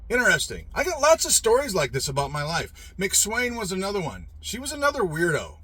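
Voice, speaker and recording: Husky, animated man telling a story. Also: high-pitched, a little fast. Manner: rambling, profane, emphatic, frequent restarts. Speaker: podcast host telling a personal story. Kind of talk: casual storytelling monologue.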